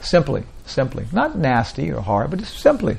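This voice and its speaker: A man's voice: on the high side, huge pitch swings, normal speed, vocal fry, a little mellow, slightly rough. A man teaching a small group in an informal spiritual talk, rambling and repeating "like that, you know" often.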